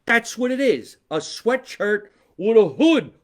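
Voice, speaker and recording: A man from New Jersey with a New Jersey accent, a comedian hosting a live podcast, talking casually with sponsor plugs, animated, profane and fond of repeating phrases. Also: high voice, slow. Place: his mother's basement.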